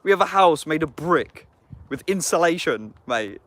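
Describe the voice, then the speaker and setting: A young man with an English accent vents to camera, animated and angry, swearing and leaning hard on slang terms of address. His voice is a little high and fairly bright, at a moderate pace with no echo.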